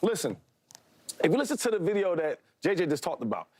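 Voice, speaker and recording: A man on a sports debate show, talking in an animated, joking, colloquial way. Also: sits high, fast talker, no room sound.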